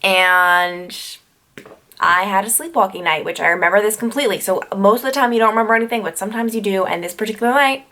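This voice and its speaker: A woman's voice: mid-range voice, quick pace, sharp tone. Young woman from new york doing a storytime vlog, chatty, lots of "like", goes off on tangents. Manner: chatty, full of "like" fillers and tangents. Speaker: YouTuber.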